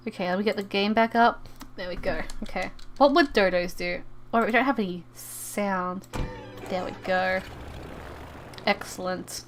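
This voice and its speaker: A young woman streaming a game, chatting casually in an excitable, rambling way, often stammering and repeating herself. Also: medium pitch, normal speed, pauses often, a little hiss or hum. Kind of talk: casual live-stream chat while gaming.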